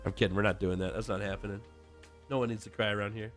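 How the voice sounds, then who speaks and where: Fast and fairly low-pitched, this man keeps a steady tone while streaming a game against background game music. He chats casually with viewers, teasing them, laughing often, and reading their messages out.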